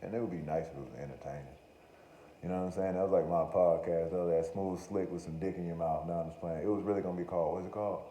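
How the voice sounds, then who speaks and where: A man with a low, very dark voice rambles through a profane comedic monologue, joking and cutting himself off. He sounds like a podcast host talking off the cuff. The recording is roomy and echoey, with faint noise behind him. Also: fairly even intonation, racing. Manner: profane, joking, self-interrupting.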